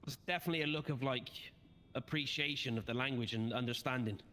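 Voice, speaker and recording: Brief: British male, dry and stubborn, bright tone, reverberant audio. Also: mid-range voice, fast talker, a little hiss or hum. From Britain. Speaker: roleplay player. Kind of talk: casual in-character roleplay banter.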